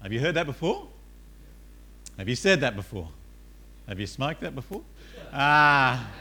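Bright-voiced male pastor preaching casually. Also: medium pitch, big pitch swings, unhurried. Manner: conversational, frequent "uh", asks the congregation questions. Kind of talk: sermon. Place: church.

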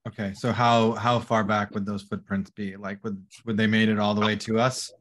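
A man takes his turn as a player in a tabletop game, asking plain, practical questions about the scene. His voice sits on the low side. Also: flat delivery, normal speed, a bit bright. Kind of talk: casual tabletop play.

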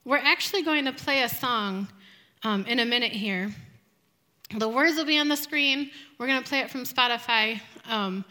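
Soft-spoken earnest woman, high and bright. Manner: soft, slow, earnest, with reflective pauses. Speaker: women's group speaker. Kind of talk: devotional talk.

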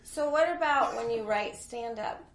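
A woman's voice: fairly high pitch, moderate pace. A woman hosting a podcast, asking curious follow-up questions in a casual chat. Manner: curious, asks follow-up questions and laughs easily. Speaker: podcast host. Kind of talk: casual interview. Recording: echoey room, faint noise.

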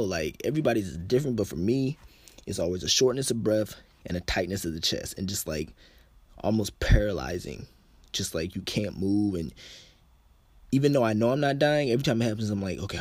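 A man's voice: fairly low pitch, a little mellow, no room sound. A young man telling a personal story to his viewers in a casual, slangy way, full of "like" fillers. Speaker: vlogger.

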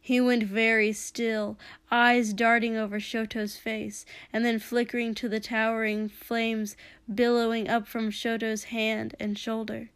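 A woman narrating a story aloud in a slow, measured way. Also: fairly high pitch, flat delivery, clean tone, dry recording. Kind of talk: reading fan fiction aloud.

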